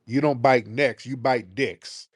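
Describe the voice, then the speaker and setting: Dude hosting a call-in show, blunt and teasing, dry sound. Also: male voice, mid-range voice, steady tone, slow, no room sound. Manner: brash, mocking, blunt. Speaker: host.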